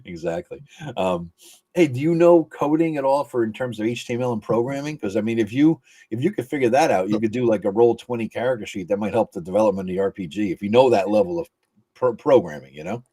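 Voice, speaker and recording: A man's voice: on the low side, quick pace, mellow, husky. A man hosting a casual podcast chat, blunt and enthusiastic, swearing offhandedly. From United States. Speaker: podcast host.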